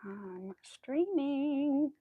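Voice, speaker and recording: A woman's voice: high voice, expressive, drawn-out words, phone-quality sound, slight background noise. A young woman chatting casually and rambling with fillers while she crochets on a livestream. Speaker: crochet streamer.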